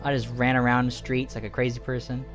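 A gaming host giving excitable let's play commentary, with shrieks and panicked outbursts. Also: mid-range voice, fast talker, soft background music.

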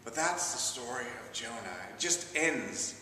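A man's voice: medium pitch, expressive, a little slow, sharp tone, slight background noise. A man, an assistant pastor, giving a sermon and telling a story in a chatty, humorous way. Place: large church. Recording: echoey church from a distant mic.

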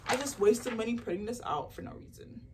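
A young woman in a casual home vlog, talking straight to her phone while she packs orders. She tells her story in a chatty, animated way, full of "like", with faint crinkling of mailers and tape behind her. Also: a little high, a little fast, far from the mic, noisy background. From Nigerian heritage. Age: young adult. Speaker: small business owner vlogger. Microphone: phone camera.

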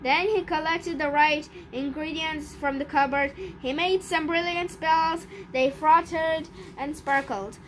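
A woman reading a children's picture book aloud in an expressive, careful storytelling manner. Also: high-pitched, measured pace, few pauses, slight background noise. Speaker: storybook reader.

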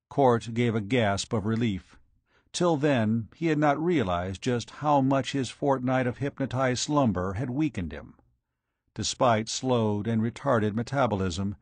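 Slow steady guy reading an audiobook, dry close sound. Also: mid-range voice, no room sound. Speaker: audiobook narrator. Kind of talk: audiobook narration.

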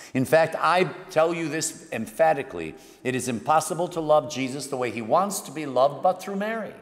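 A man preaching a homily as a priest, telling the story dramatically and moving between hushed and emphatic delivery. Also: medium pitch. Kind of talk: sermon. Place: church. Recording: long church reverb.

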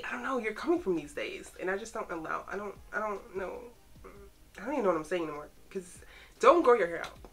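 A young woman with a slightly low voice talks casually, reacting to photos. She is excitable and teasing and addresses the pictures directly as if they could hear her. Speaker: fan vlogger reacting to photos.

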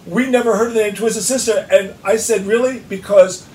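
A man telling an animated, profane story in an interview, acting out both sides of phone calls. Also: high-pitched, a little fast. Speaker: guest musician. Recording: roomy echo, distant mic, clear background noise.

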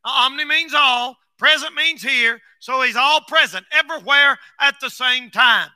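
A man preaching a folksy sermon as pastor, switching between shouted bursts and quiet asides. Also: very high voice, moderate pace, smooth, dry recording.

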